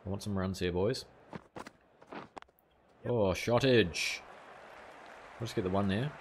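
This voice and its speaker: A man's voice: on the low side, slow pace, a little hiss or hum. A young man from New Zealand with a New Zealand accent, casually commentating a cricket game while chatting with his viewers. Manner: casual, chatty, reads out chat messages, mild swearing. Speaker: gaming streamer.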